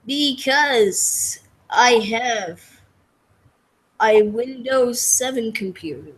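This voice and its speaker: Slow-talking young guy, high voice. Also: expressive, rough recording. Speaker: guest on a live stream. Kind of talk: casual live-stream chat.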